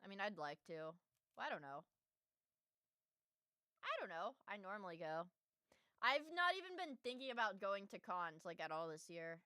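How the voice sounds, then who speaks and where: A woman's voice: mid-range voice, very animated, moderate pace, long pauses, sharp tone, clear, resonant tone, no echo. A young woman streaming, reacting to a video in blunt, profane, jokey casual commentary.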